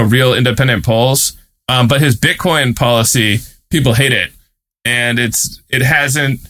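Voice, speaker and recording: Bright-voiced man telling a story. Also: medium pitch. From United States. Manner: chatty, with frequent fillers and amused laughs. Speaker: guest reporter and author. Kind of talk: casual storytelling.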